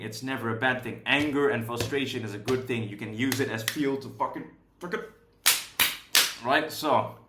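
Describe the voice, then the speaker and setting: Young man, course instructor, casual lesson, swearing, high energy, echoey room. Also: a bit bright. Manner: profane, high-energy, keeps asking "right?". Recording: roomy echo.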